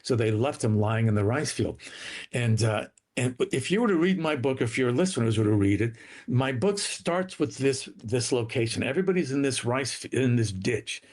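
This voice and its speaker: A man, a guest author, telling his family's story in an interview with emotional, dramatic pacing, slowing and dropping his voice for quoted lines. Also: mid-range voice, animated, a little mellow.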